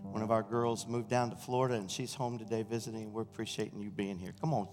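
A middle-aged senior pastor, preaching an exuberant sermon and shouting praise in a church sanctuary. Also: male voice, lowish voice, flat delivery, quick pace, music in the background. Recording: reverberant church hall.

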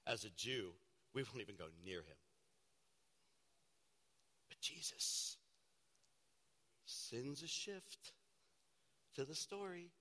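Bright-voiced pastor preaching in a reverberant hall. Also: male voice, medium pitch, very animated, slow pace, pauses often. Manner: dramatic storytelling, shifting from loud to hushed. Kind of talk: sermon.

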